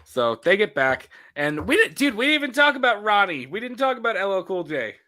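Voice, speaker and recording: A man co-hosts a casual movie podcast, his voice sitting a little high and swinging widely as he retells scenes. He laughs often and drops into quick impressions of the characters. The tone stays bright and forward. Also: big pitch swings. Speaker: podcast co-host.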